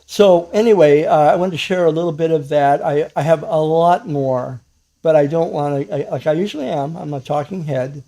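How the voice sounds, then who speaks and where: This is a laid-back devotional message from a male Christian teacher addressing the camera, his voice somewhat high. He speaks haltingly, restarting sentences, using lots of fillers, and letting out gentle chuckles.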